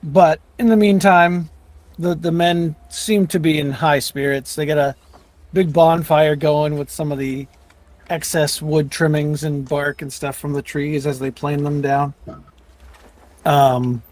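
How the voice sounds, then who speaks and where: A man's voice: fairly high pitch, steady tone, unhurried, darkish tone, dry recording. A man narrating as game master of a tabletop game, rambling with frequent restarts.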